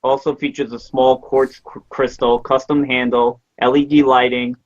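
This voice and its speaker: A man's voice: mid-range voice, flat delivery, normal speed, no echo. A man co-hosting a casual paranormal podcast over a remote call, reading out news and viewer comments in a dry, exasperated way. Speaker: podcast co-host. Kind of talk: casual live-stream chat. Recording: muffled remote connection.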